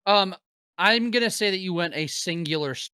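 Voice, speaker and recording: Guy cohosting a wrestling pod, swears a lot, bright voice, dry sound. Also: sits high, normal speed, clean tone, no room sound. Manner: animated, swearing freely. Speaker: podcast co-host. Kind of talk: casual chat.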